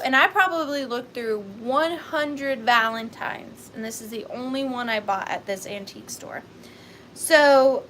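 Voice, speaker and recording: A woman's voice: sits high, a bit bright, slight background noise. A young woman hosting a live online vintage sale, chatting enthusiastically about items and counting down bids. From United States. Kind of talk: live sale vlog chat.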